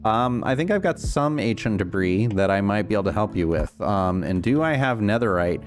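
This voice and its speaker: Man, low voice, casual stream chatter, rambling, um-filled, faint music behind. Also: animated, normal speed. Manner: rambling, chatty, answers chat with frequent fillers. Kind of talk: casual livestream chat while playing.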